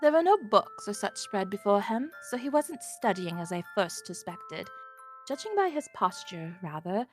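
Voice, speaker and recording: Lively woman narrating a visual novel. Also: medium pitch, normal speed, faint music behind. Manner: lively, wondering first-person narration. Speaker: narrator and heroine.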